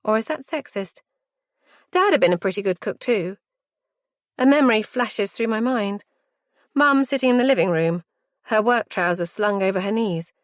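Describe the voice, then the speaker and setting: Woman reading an audiobook, thoughtful and measured, super dry close mic. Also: mid-range voice, expressive, no room sound. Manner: reflective, measured storytelling. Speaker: audiobook narrator. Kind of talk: first-person audiobook narration.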